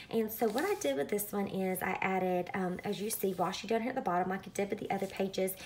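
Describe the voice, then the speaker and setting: Southern woman, craft vlogger, relaxed chatty walkthrough, mid pitch, faint hiss in the background. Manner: chatty, many ums, friendly explaining. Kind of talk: casual show-and-tell walkthrough.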